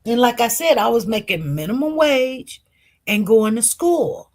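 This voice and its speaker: Middle-aged woman host, story-time stream, slow and drawn-out delivery, a touch high, repeats herself. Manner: animated, repeats words while telling a story. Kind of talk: personal storytelling. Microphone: streaming setup.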